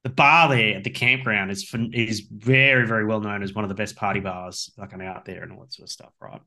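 Bright-voiced man spinning yarns. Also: lowish voice, fairly even intonation, brisk. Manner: rambling storyteller, swears freely. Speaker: podcast co-host. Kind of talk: casual chat.

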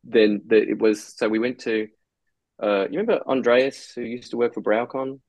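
A man's voice: medium pitch, steady tone, moderate pace, a little mellow, no echo. A man in casual podcast chat, telling long rambling anecdotes with casual swearing. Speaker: brewery co-founder guest.

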